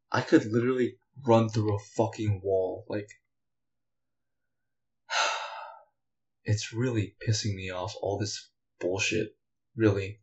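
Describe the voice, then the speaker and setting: A man's voice: fairly low pitch, rough recording. A man hosting a solo podcast, venting bitterly and angrily, rambling with frequent sighs and swearing. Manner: rambling, with many fillers and profanity. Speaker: podcast host.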